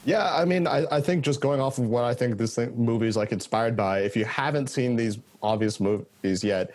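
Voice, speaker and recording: A man's voice: mid-range voice, moderate pace, a little mellow, dry recording. A man appearing as a guest on a movie podcast, talking in a casual, upbeat way.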